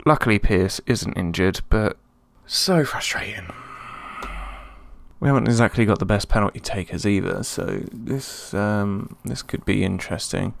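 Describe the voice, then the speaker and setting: A man casually commenting on his own football management game, chatty and prone to sudden excited outbursts. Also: fairly low pitch, normal speed, vocal fry, hardly any pauses. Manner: excitable, chatty, swings between calm and yelps. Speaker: let's play host.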